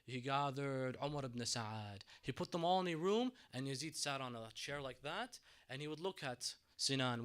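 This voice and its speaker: A man giving a sermon in a mosque, telling a story dramatically, swinging between hushed and raised delivery. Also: a little high, moderate pace, clear, resonant tone. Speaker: mosque lecturer.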